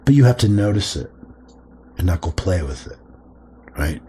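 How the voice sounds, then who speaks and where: A man's voice: low voice, big pitch swings, normal speed, dark tone, a little hiss or hum. A man hosting a podcast, talking casually about spirituality, acting out quoted voices and swearing freely. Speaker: podcast host.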